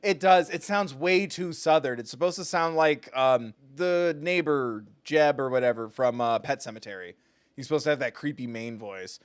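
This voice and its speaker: A man's voice: mid-range voice, moderate pace, clear, resonant tone. A young adult man streaming a video game, joking casually and reading dialogue aloud. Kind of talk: casual gameplay commentary.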